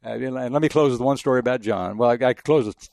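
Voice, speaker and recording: Older male sportswriter guest, rapid-fire, gravelly, rambling anecdotes, dry close mic. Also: mid-range voice, darkish tone, dry recording. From El Paso, Texas. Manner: rambling anecdotes with frequent restarts. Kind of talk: casual interview storytelling.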